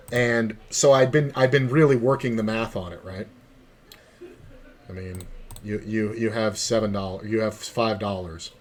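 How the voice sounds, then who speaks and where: A man streaming online poker who tells a long, profane story with quoted dialogue, in a casual, chatty way. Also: fairly low pitch.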